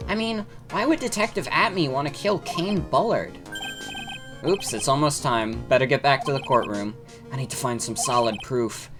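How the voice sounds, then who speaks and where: An urgent, earnest young male defense attorney from a courtroom video game, read by a woman. The voice sits deep and moves a lot in pitch. Game music plays clearly underneath.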